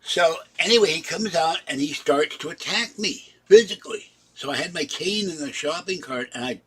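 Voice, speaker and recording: Husky-voiced man rambling through a story. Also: on the high side, lively intonation, normal speed. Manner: rambling, recounts events in present tense and acts out the quarrel; breaks off to talk softly to his cats. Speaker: vlogger. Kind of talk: casual spoken storytelling.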